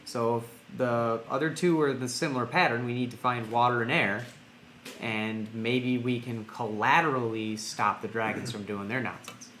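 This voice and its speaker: A man's voice: mid-range voice, fairly even intonation, moderate pace, a bit bright, a little hiss or hum. A man playing a tabletop game, reasoning things out step by step. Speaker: player. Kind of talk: casual chat.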